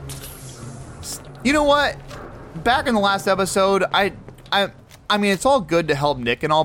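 Male host, lively higher voice, chatty play-by-play of his own gaming. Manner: excitable, narrates his every move aloud. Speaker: podcast host. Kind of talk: video game play-by-play commentary.

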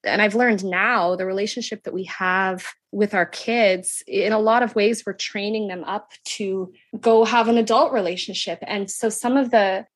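A woman in her thirties talking in a casual podcast conversation, reflective and measured, explaining her view at length. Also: medium pitch, fairly even intonation. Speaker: podcast guest, daughter and teacher.

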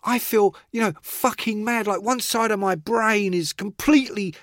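A man's voice: high-pitched, fairly bright tone, dry recording, clean studio sound, voice pushed up. A man impersonating a famous rock star as a wound-up, swearing man. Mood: manic. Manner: rapid, profane, wound-up.

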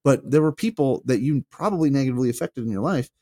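A man, a former pastor, talking through ideas in a casual podcast chat, rambling and animated with many restarts. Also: medium pitch, quick pace, slightly rough, no room sound, clean studio sound.

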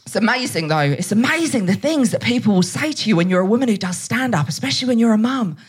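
A woman performing brash, sweary stand-up comedy on a theatre stage, telling stories fast to a live audience. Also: medium pitch, lively intonation, husky.

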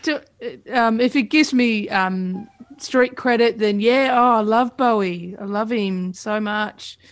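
A woman, a comedian guest on a quiz podcast, hesitant and deadpan with lots of ums. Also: fairly high pitch, slow.

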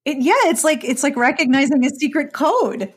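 A woman's voice: high-pitched, moderate pace, slight background noise. A woman podcast host from Pittsburgh, chatty and enthusiastic, interviewing a guest. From Pittsburgh, USA. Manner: enthusiastic and chatty, with playful asides.

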